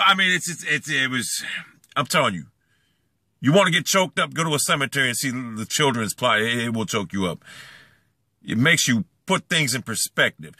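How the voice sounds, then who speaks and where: A man ranting angrily in a video blog, swearing and repeating himself as he moves from brooding talk to shouting. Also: mid-range voice, dry recording, studio quality. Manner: profane, repetitive, swings between brooding and shouting. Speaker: YouTuber. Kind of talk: angry rant vlog.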